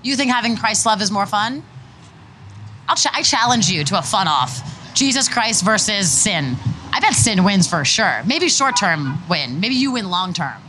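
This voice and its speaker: A woman's voice: mid-range voice, sing-song, normal speed, bright, forceful tone, slight background noise, low-quality recording. A woman hosting a comedic street interview, brash, provocative and joking.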